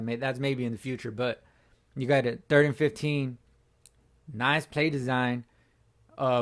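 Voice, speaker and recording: A man hosting his own fan channel, hoarse from screaming, giving a slangy sports reaction chat as if talking to a buddy. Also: medium pitch. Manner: slangy, talks like chatting with a buddy. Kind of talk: casual sports reaction talk.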